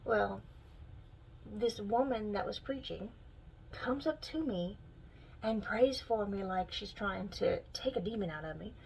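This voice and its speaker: A young woman telling a story in a casual vlog, animated and exasperated, her pitch jumping as she talks. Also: a little slow, gravelly, slight background noise, poor audio. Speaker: vlogger.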